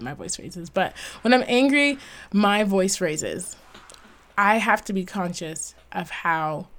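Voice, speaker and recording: Earnest woman hosting a solo talk. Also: lowish voice. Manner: earnest, emphatic, laughs at herself. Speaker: podcast host.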